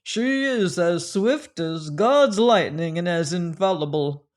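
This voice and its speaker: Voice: medium pitch, animated, slow. A reader doing a blunt, emphatic old sailor man. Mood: earnest. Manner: archaic speech, emphatic, blunt. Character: rough loyal old sailor comrade, man.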